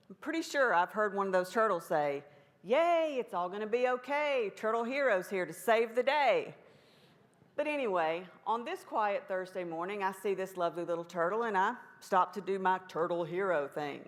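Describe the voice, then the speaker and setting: A woman with a drawl tells a story at a conference talk. Her delivery is folksy and humorous, with an easy, mid-pitched voice. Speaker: conference speaker.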